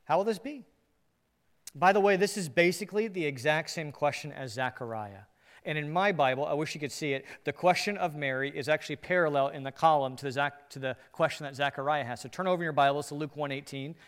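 A man preaching a sermon as pastor, shifting between animated, emphatic lines and hushed, earnest ones. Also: on the high side, quick pace, long reverb tail.

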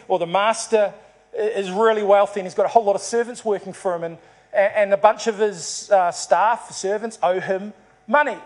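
A man preaching a sermon to a congregation, telling a story and acting out its dialogue. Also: high-pitched. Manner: storytelling, acts out dialogue in the parable. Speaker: pastor.

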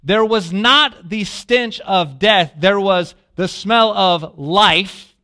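A man preaching a sermon as a pastor, telling a story with lively asides and questions to the listeners, dropping to a hush when quoting prayers. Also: sits high, slow pace, clean tone. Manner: animated storytelling, asks the congregation questions.

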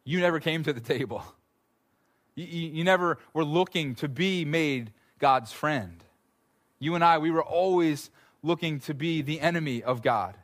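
A man in his thirties preaching a sermon, telling stories in an animated way and repeating words as he builds a point. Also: on the high side, normal speed. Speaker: pastor.

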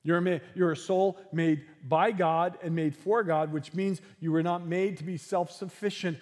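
A man preaching a sermon as pastor, earnest and unhurried, dropping into soft, hushed passages. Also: high-pitched, fairly even intonation, in a large hall.

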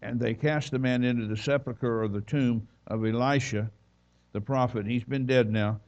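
A man's voice: mid-range voice, steady tone, moderate pace, a little mellow, highs cut off. A man preaching as a visiting minister, telling folksy stories and reading scripture aloud. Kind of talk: sermon.

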